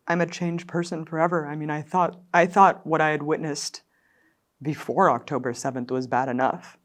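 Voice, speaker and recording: A woman with a notably low voice speaks as an interview guest. She talks with fierce, indignant passion. Her emotion runs close to the surface and at times nears tears. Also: fairly even intonation, moderate pace. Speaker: guest, documentary filmmaker.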